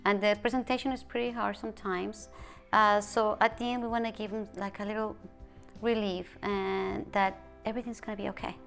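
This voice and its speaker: A middle-aged woman speaking as a bereaved mother in an emotional personal interview, halting and soft, with hushed quoted speech. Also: mid-range voice, level tone, creaky, faint music behind.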